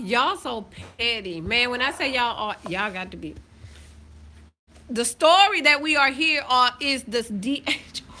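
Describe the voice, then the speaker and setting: Bright woman chatting on a livestream. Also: fairly high pitch, expressive. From Southern United States. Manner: chatty, greets viewers by name, playful drawn-out exclamations. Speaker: livestream host. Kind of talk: casual livestream chat. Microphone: phone.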